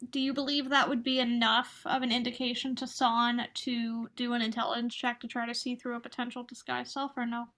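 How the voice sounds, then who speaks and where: A woman's voice: fairly high pitch, little pitch movement, a little fast, few pauses, a bit bright. A woman playing a tabletop game, explaining rules carefully in casual chat. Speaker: player.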